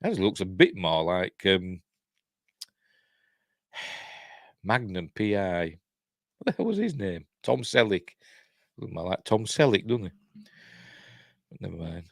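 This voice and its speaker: An older Yorkshire man talks in a low voice, chatting casually as the host of a live stream. He muses aloud with dry, wry asides and often lets his thoughts trail off. The sound is close and dry, with no room around it. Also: very animated, slow pace, gravelly, long pauses, no room sound. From Yorkshire, England. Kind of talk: casual chat.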